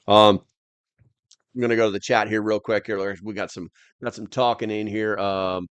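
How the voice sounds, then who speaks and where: A man's voice: fairly low pitch, flat delivery, normal speed, clean tone, no echo. An American man hosting a casual livestream, rambling loosely and reading viewer comments aloud. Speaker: livestream host.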